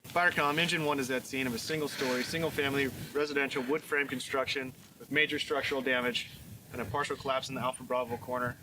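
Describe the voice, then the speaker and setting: A man playing a brisk fire captain. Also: medium pitch, steady tone, noisy background, lightly acted. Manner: brisk, radio-style procedural. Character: male fire captain at a collapse site.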